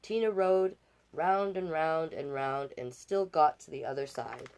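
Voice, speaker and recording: A woman's voice: deep voice, a little slow, darkish tone, smooth. A woman from Canada reading a picture book aloud as storytime host, with chatty asides and playful sound effects.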